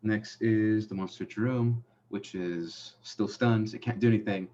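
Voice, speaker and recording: Low-voiced young man running a tabletop game. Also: fairly even intonation, background noise. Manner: descriptive, halting with frequent fillers. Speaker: game master. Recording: muffled lo-fi audio.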